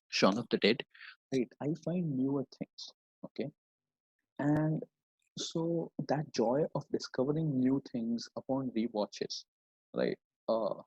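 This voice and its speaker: A man's voice: medium pitch, a little mellow, slightly rough, no echo, lo-fi sound. A man talking casually as a podcast guest over a video call, wandering through his points and tagging sentences with "right?" and "you know". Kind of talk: casual chat.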